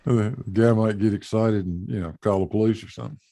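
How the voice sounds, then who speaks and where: A man's voice: fairly low pitch, steady tone, brisk, creaky, dark tone, no room sound. A man hosting a casual talk show, blunt and profane with dry joking. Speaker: host. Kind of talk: casual chat.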